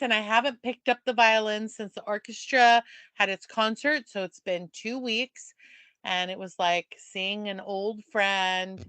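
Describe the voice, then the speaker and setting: A woman co-hosting a podcast in casual chat, a playful and animated storyteller. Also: mid-range voice, no room sound. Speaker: podcast co-host.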